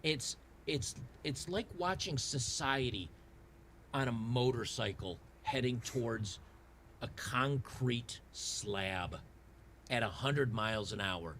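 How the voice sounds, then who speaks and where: A man's voice: mid-range voice, expressive, slow pace, a bit bright, a little hiss or hum. A man, ranting in a frustrated, sarcastic way over a game and often restarting his sentences. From Tennessee. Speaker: gaming channel host. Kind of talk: ranting commentary over gameplay.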